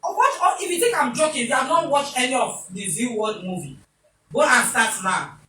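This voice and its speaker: This Nigerian talk show host has a high, sharp voice, brisk delivery and lively intonation as she performs comic bits peppered with pidgin. Echo, faint noise and distant miking mark the recording.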